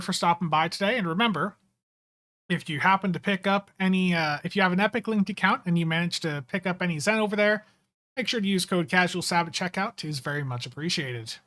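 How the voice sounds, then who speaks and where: High-voiced man hosting a casual stream. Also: fairly bright tone. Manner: easygoing, rambling with fillers. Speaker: game streamer host. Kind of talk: casual live-stream chat.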